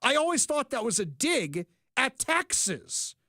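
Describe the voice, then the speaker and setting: Male radio host, sarcastic and opinionated; high, very lively delivery, dry studio sound. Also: no echo. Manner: sarcastic, animated, quick asides and restarts. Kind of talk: opinionated political talk radio.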